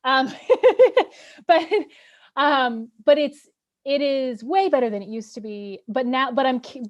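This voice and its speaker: Rambling woman hosting a chat. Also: a little high. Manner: rambling, halting restarts, laughs often. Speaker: host, former Spanish teacher. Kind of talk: casual interview chat.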